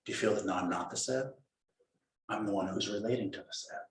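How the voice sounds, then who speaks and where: A man giving a dharma talk as a Zen teacher, playful and animated, acting out inner voices. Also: fairly low pitch, fairly quick. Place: meditation hall. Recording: roomy hall echo.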